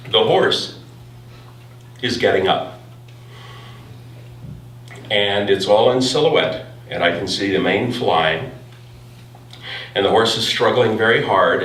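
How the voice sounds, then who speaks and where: A man tells a true personal story on stage without a script, in a halting, wry way with frequent restarts. He is picked up from some distance in a roomy space, with a faint ambient hum underneath. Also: fairly low pitch, fairly bright tone. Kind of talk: unscripted live personal storytelling. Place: live storytelling event. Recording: roomy live room from afar, faint ambience.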